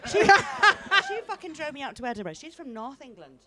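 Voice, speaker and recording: A bawdy woman comic in her fifties talks on stage in a hammy put-on Russian accent, her pitch riding a little high. Her voice leaps up and down as she mocks herself, often breaking into laughter. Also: sing-song, normal speed, heavy background noise. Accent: put-on mock Russian accent. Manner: bawdy, self-mocking, laughs through her lines. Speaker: stand-up comedian. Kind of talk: comic chat interview on stage.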